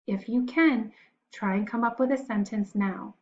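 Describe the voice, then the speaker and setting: A woman teacher giving a recorded spelling lesson to young children, slowly spelling words out letter by letter and encouraging them. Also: fairly high pitch, a little mellow, lo-fi sound.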